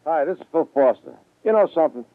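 A man's voice: a little high, expressive, quick pace, dry recording. A man with a Brooklyn accent reading a playful radio commercial, leaning hard on certain words. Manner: jokey, playful emphasis on words. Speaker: ad spokesman. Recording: tinny old broadcast audio.

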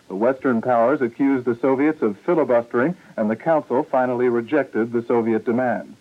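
A man reading the hourly radio news in a steady, formal newscaster manner. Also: medium pitch. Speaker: news anchor. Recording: tinny old radio broadcast.

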